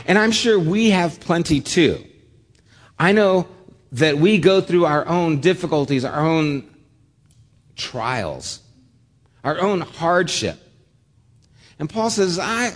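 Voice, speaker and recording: A middle-aged man preaching a sermon, reading scripture aloud in a measured, earnest way. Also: a little high. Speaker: pastor. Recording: long hall reverb.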